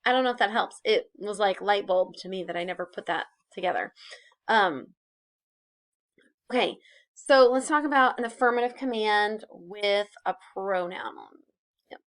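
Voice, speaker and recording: A woman's voice: medium pitch, normal speed. A woman teacher explaining grammar in a casual recorded lesson, with many fillers and restarts. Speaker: Spanish teacher.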